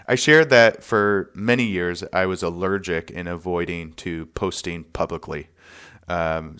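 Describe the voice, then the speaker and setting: Man, deep voice, resonant tone, earnest reflective storytelling, soft-spoken, small pauses. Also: clean tone. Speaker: podcast host telling a personal story.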